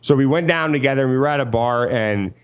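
A man's voice: mid-range voice, fast, clean tone. A young man telling a rambling, loose story in casual chat, with a lot of "like" and some swearing.

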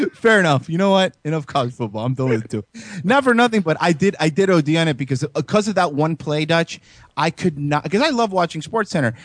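A man's voice: on the high side, dry recording. A young adult man hosting a casual podcast chat, telling stories animatedly, swearing and acting out quotes. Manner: profane, animated storytelling with voiced quotes. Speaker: podcast host.

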